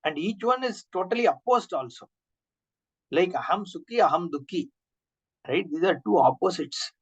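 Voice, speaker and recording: A man giving an online scripture class, explaining with rhetorical questions and everyday examples and chanting Sanskrit terms slowly. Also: high-pitched, lively intonation, gravelly, breathy edge. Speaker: Vedanta teacher. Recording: dull lo-fi online class audio.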